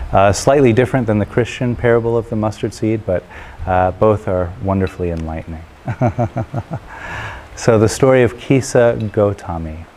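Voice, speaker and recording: A man telling a traditional parable in a relaxed, unhurried way, with occasional filler pauses. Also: deep voice. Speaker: storyteller. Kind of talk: spoken parable storytelling.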